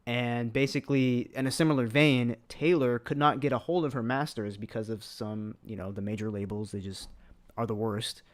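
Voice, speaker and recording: A young man co-hosting a casual podcast, relaxed and joking, explaining with asides. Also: mid-range voice, normal speed. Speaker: podcast co-host. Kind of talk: casual livestream chat.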